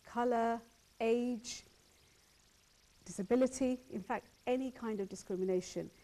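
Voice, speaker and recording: A woman's voice: on the high side, mellow. A woman hosting a phone-in talk show, speaking earnestly and repeating words as she builds her points. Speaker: host.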